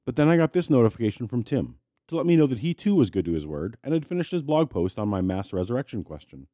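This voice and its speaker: A man's voice: mid-range voice, sing-song, fast talker, mellow, no echo. A man hosting a commentary show, who narrates a scripted video in a dry, snarky way while sick and congested. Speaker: host.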